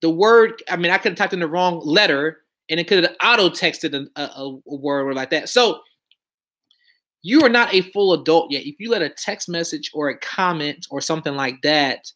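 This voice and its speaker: A man's voice: on the high side, moderate pace, fairly bright tone. A man talking loosely and confidently on a casual live stream about taxes and credit. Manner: loose, conversational, slangy and self-assured. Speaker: credit and tax educator.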